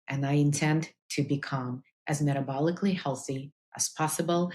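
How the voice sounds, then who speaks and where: A woman's voice: low voice, steady tone, moderate pace, few pauses, a little mellow. A woman cardiologist hosting a health podcast, speaking earnestly to listeners with frequent "uh" fillers. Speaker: integrative cardiologist, podcast host. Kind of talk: personal health talk to listeners.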